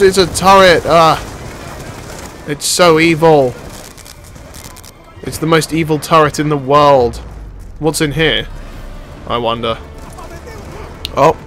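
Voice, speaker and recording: A young man giving live commentary while playing a shooter, excitable and jokey, swearing and yelping when he gets hit. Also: fairly high pitch. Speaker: gaming channel host.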